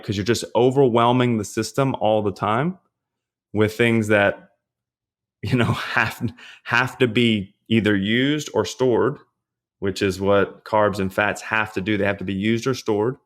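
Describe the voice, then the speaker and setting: A man, a pastor and fitness trainer, talking as a podcast guest and giving casual nutrition advice in a relaxed, chatty way, often checking in with "you know what I mean?". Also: on the low side. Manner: relaxed, chatty, frequent fillers and rhetorical checks.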